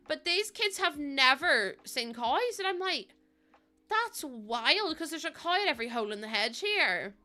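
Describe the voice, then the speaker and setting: A young woman chats away on her livestream, giggly and rambling, full of little fillers. Her voice sits a touch high and comes across bright and forward. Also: very animated, unhurried. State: heavily pregnant. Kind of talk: casual chat while building in a game.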